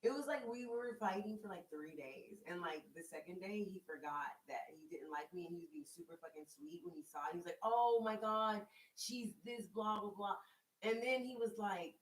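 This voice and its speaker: A woman in her thirties hosting a casual chat, telling stories in an animated way, with lots of "like" and free swearing. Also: on the low side, fairly quick, hardly any pauses. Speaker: host. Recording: roomy sound, mic at a distance.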